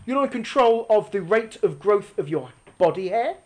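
A woman's voice: medium pitch, animated, normal speed, a little mellow. A woman giving a live religious class, explaining with a diagram, asking the audience questions and repeating lines for emphasis. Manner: explains using a picture or diagram. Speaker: religious teacher.

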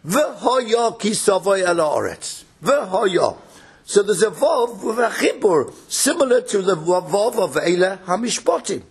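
Husky high-voiced man giving a lecture. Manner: explanatory, rhetorical questions. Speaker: Torah lecturer. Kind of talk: religious study lecture.

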